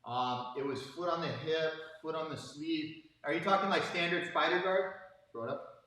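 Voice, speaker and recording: A man's voice: on the high side, normal speed, bright, forceful tone. A man teaching jiu-jitsu on a live stream, in casual coaching talk full of fillers. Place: gym mat room. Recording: very echoey room, voice far from mic.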